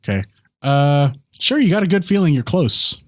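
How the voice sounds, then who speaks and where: Laid-back Southern game master. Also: male voice, a little high, moderate pace, dry recording. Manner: relaxed, filler-heavy, hesitant phrasing. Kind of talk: running a tabletop game.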